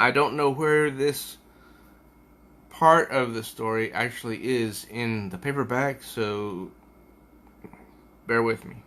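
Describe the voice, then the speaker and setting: A man reviews a comic book in a relaxed, unhurried way and reads passages aloud as he goes. His voice is bright and forward, and he often pauses to think mid-sentence. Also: mid-range voice. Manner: unhurried, musing, with hesitations.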